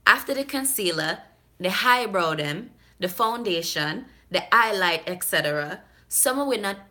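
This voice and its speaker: A woman's voice: mid-range voice, lively intonation, a little slow, pushed and bright, pitched above the performer's own voice. Woman putting on a Jamaican patois voice. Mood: playful. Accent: Jamaican patois, as put on. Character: young Jamaican woman writing in about dating.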